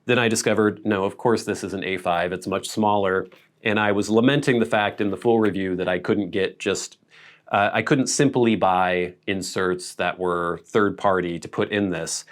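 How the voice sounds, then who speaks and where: A man's voice: deep voice, steady tone, normal speed. A man from the Pacific Northwest, hosting his own channel and chatting casually, musing aloud with small laughs and self-corrections. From Pacific Northwest, USA. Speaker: channel host. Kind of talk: casual vlog chat to camera.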